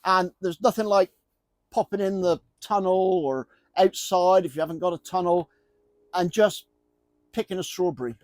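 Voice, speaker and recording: A man's voice: high-pitched, normal speed, a little mellow, no echo. An older man chatting to camera about his allotment from inside a polytunnel, jokey, with the odd mild swear word. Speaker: gardening vlogger. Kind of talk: casual chat to camera.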